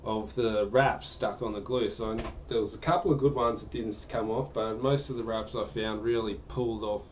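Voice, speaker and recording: A man's voice: lowish voice, fairly even intonation, normal speed, hardly any pauses, slight background noise. A man chatting casually during a live gaming stream, answering viewer questions in a rambling way.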